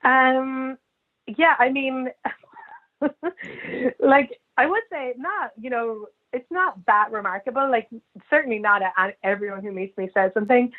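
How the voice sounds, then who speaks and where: A woman's voice: high voice, measured pace. A woman with an Irish accent, chatting casually as an interview guest and telling funny anecdotes full of "like" fillers. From Ireland. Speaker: guest, comedian and writer. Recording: tinny phone-line sound.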